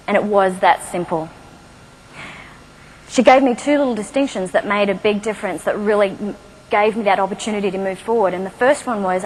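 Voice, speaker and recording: A woman's voice: mid-range voice, slight background noise, low-quality recording. A middle-aged woman giving a motivational talk on stage, telling her life story with self-deprecating humor and questions to the audience. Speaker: motivational speaker. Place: stage before a live audience.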